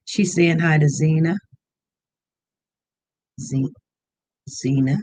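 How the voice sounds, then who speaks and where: An easygoing live-stream host speaks slowly and deliberately, reading out viewers' names one after another. The voice sits at a middle pitch, and the delivery is relaxed and conversational. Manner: unhurried, warm greetings of viewers by name. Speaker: livestream host. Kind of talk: casual live-stream chat greeting viewers.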